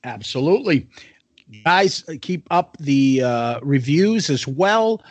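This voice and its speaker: A man's voice: a little high, lively intonation, slow, no room sound. A man co-hosting a podcast in loose, rambling casual chat full of fillers. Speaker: podcast co-host.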